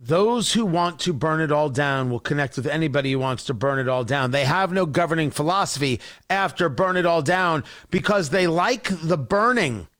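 A man's voice: a little high, expressive, moderate pace, few pauses, a bit bright. A man hosting a talk radio show, delivering a combative, mocking political monologue.

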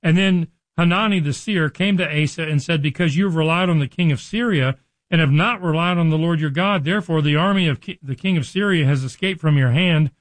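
A man with a somewhat high voice is teaching from scripture. He talks through the story casually and dramatizes the characters' words as he goes. The sound is dry and close, with almost no room echo. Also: fairly quick. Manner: retells scripture with lively dramatized quotes. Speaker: preacher. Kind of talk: Bible teaching.

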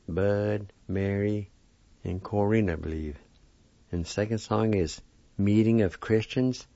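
A man's voice: fairly low pitch, creaky, warm tone, no echo, muffled recording. A man giving a weekly radio language lesson, spelling out each word carefully and repeating it. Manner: slow, careful spelling and repetition of words.

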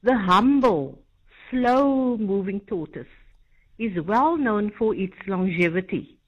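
A woman's voice: mid-range voice, expressive, slow pace, slightly rough. A woman calling in to a radio show, chatty as she quizzes the host. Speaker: caller. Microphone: phone line. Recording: dull phone line.

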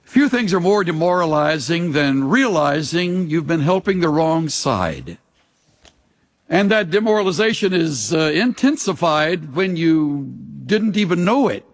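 Older guy preaching, kinda high voice, goes soft on scripture then lively on stories. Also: a little slow. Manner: storytelling, swings from hushed scripture reading to lively. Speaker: pastor. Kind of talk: radio sermon.

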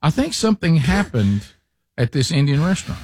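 A man's voice: a little high, very animated, brisk, a little mellow, no room sound, studio quality. A man hosting a talk show, telling a rambling story with lots of restarts in casual banter. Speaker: radio show host.

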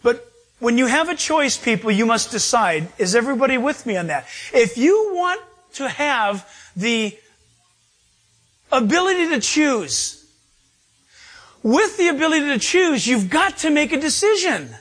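A man's voice: very high voice, sing-song, unhurried, a bit bright. A man preaching a sermon, reading scripture and asking the congregation rhetorical questions. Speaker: pastor.

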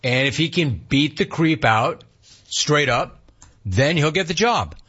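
A man's voice: on the high side, lively intonation, a little slow, fairly bright tone, breathy edge. A man hosting a sports talk show, ranting with rhetorical questions and reading out chat comments. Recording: dull lo-fi sound.

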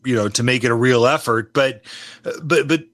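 Bright-voiced musing male host. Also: mid-range voice, normal speed, dry recording. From Illinois. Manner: musing, conversational. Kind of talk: political interview.

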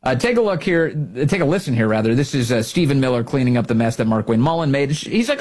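A man's voice: medium pitch, big pitch swings, fast talker, few pauses, darkish tone. A man hosting a talk radio show, giving opinionated, sarcastic commentary and mocking others in put-on voices.

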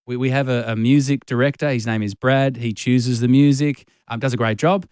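A man's voice: medium pitch, fairly even intonation, brisk, a little mellow, clean tone, dry recording, studio quality. An Australian man hosting a radio show, talking enthusiastically with frequent stumbling restarts. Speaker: radio host. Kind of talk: casual on-air banter. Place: radio studio. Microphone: studio microphone.

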